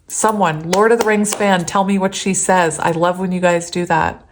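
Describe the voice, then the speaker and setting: A woman's voice: fairly low pitch, steady tone, moderate pace, hardly any pauses. A woman talking straight to her viewers through a tarot reading. She rambles and chats freely and breaks into laughter often as she turns the cards. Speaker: tarot reader. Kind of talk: casual pick-a-card tarot reading.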